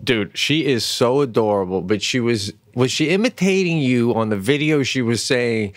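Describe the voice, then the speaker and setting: A man co-hosting a podcast in casual chat, animated, swearing freely and laughing often. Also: mid-range voice, normal speed, few pauses, no echo. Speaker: podcast co-host.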